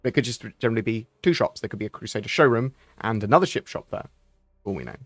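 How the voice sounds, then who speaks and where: A man's voice: on the low side, expressive, fast talker, fairly bright tone, no echo. Man, livestream host, casual chat, rambling with ums, dry close mic. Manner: rambling, chatty, restarts often with ums.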